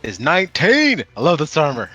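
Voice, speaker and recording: A man's voice: a little high, huge pitch swings, moderate pace, pushed and bright, slightly rough, dry recording, soft background music. A man playing a tabletop game, joking and bantering with the table. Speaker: player. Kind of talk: casual tabletop game play.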